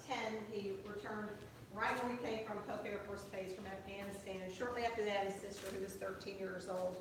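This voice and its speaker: A middle-aged woman, a Gold Star mother, gives a halting ceremony speech full of fillers and restarts. She is heard from well back, with a strong echo around her. Loud noise from the open air sits behind her voice. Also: mid-range voice. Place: outdoors in the rain. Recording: distant, echoey, noisy outdoor recording.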